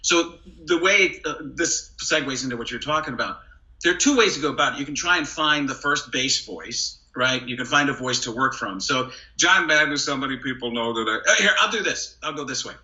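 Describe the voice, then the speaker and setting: A male comedian and impressionist chatting on a podcast, lively and quick to slip into impressions. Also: mid-range voice, muffled recording. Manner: animated, jumps into brief celebrity impressions. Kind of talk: casual podcast chat with quick impression demos.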